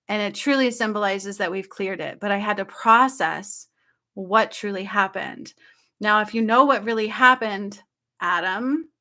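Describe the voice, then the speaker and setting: A woman telling her viewers about a dream in casual, excited speech, often checking in with "okay?" and "like". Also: mid-range voice. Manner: excited, breathless storytelling with frequent "like" and "okay?". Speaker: spiritual channel host.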